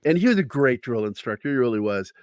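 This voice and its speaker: Man, casual storyteller, mid-pitched, animated swings, dry close sound. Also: fast talker, no echo. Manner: anecdotal, with restarts and profanity. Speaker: guest comic book artist. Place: livestream interview.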